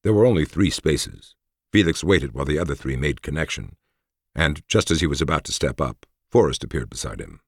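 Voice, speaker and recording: A man narrating an audiobook with measured storytelling into a close studio mic. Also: rumbling low, expressive, creaky, husky, no echo.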